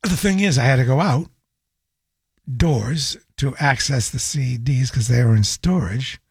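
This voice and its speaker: A middle-aged man hosting a casual call-in radio show, his voice hoarse and scratchy after a cold, rambling through anecdotes. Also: mid-range voice, measured pace, no echo, studio quality. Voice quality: raspy. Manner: rambling anecdotal storytelling with restarts. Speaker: radio host. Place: radio studio. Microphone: studio microphone.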